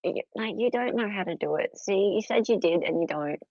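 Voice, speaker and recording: A woman's voice: medium pitch, animated, fairly quick, a little mellow, dry recording. A middle-aged Australian woman hosting a casual livestream from home, chatty and giggly as she greets her viewers. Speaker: livestream host. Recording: slightly dull lo-fi audio.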